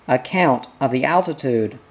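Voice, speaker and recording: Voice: medium pitch, expressive, normal speed. A reader voicing a brusque ambulance man. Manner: brusque and dismissive.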